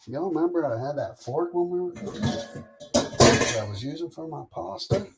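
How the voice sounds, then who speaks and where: A man's voice: fairly high pitch, animated, normal speed, vocal fry, very noisy. A middle-aged man from Canada, live-streaming while he cooks, chatting casually with viewers, greeting them by name and swearing freely. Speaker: livestreamer cooking while reading chat.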